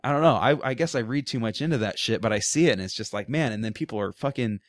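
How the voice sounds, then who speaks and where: A man's voice: mid-range voice, expressive, fast, no room sound, clean studio sound. A man ranting bluntly on a podcast, with lots of swearing. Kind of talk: casual podcast chat. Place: studio.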